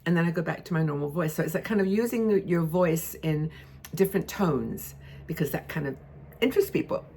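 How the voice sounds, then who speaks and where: A woman in her sixties talks straight to camera, sharing tips in a chatty, expressive way full of little asides. Her voice sits low and has a gravelly, husky edge. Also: a little fast. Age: 60s. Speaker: lifestyle video host. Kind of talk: casual tips talk to camera.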